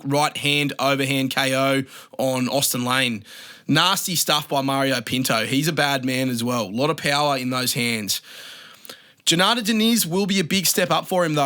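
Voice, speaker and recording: A man's voice: fairly high pitch, sharp tone. A young Australian man hosting a casual fight-prediction show, talking in a blunt, sweary, joking way. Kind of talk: casual solo commentary.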